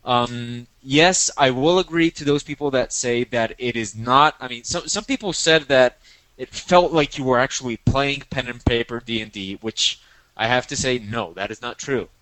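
A man's voice: medium pitch, normal speed, a bit bright, no room sound, low-quality recording. A man co-hosting a podcast in casual chat, playful and teasing, often repeating himself. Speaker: podcast co-host.

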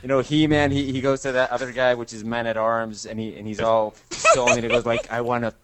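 A man's voice: medium pitch, level tone, brisk, background noise. Teasing male podcast co-host. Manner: playful, teasing. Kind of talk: casual chat.

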